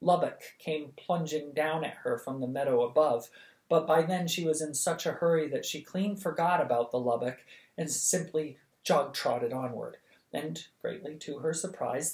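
A reader narrating a novel for bedtime at a steady, lively pace. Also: mid-range voice, normal speed. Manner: steady, lively, acts out the dialogue. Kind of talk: audiobook reading of a novel. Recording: echoey room.

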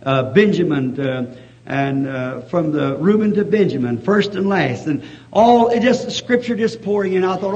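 Man, preacher, high voice, storytelling sermon, shouting bursts, muffled old tape. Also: moderate pace. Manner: excitable, swings from hushed storytelling to shouting praise. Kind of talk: fervent revival sermon with storytelling. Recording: dull lo-fi archival tape.

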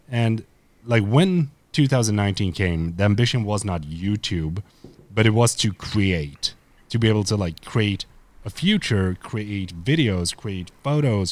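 Deep-voiced man with a Swedish accent. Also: darkish tone. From Sweden. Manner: loose and chatty, many fillers and restarts. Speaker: podcast guest, content creator. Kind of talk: casual interview chat.

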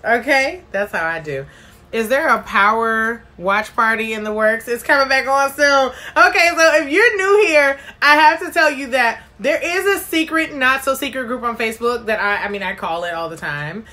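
A chatty woman hosts a live stream and reads out viewers' comments. Her voice is bright and a little high, and she talks in a bubbly, friendly way, welcoming each person by name. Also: animated, moderate pace. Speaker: livestream host.

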